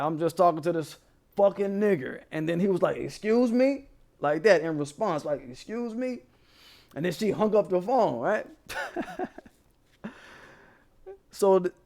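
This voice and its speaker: On his casual commentary show, a fairly high-voiced man spins a profane, lively story, laughing along the way.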